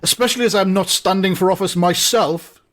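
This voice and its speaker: A man's voice: high-pitched, fairly quick, fairly bright tone, pitched above the performer's own voice. A man voicing a bossy male alderman who shrieks orders in a comic podcast story. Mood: seductive. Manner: shrieking, then silky and seductive. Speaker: comedy podcast co-host.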